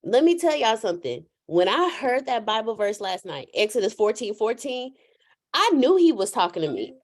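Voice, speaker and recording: A woman hosting a casual faith chat, animated, laughing and telling stories like a preacher. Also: a little high, normal speed. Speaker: host.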